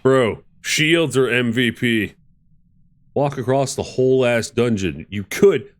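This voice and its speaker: A man streaming a game, giving casual, excitable commentary with swearing and bursts of laughter. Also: medium pitch, takes it slowly, a little hiss or hum.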